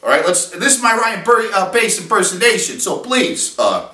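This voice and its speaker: A man hosting a fan podcast, rambling in a jokey, animated way with lots of fillers and asides. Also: high voice, moderate pace, recorded from a distance. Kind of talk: casual rambling commentary. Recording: echoey room, a little off-mic.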